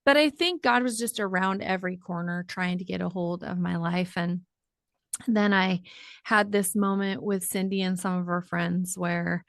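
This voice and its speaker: A middle-aged woman, a podcast guest, telling her personal story in an animated way and acting out the voices in her quotes. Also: fairly low pitch, normal speed, creaky, no echo, studio quality. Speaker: podcast guest, author and ministry founder.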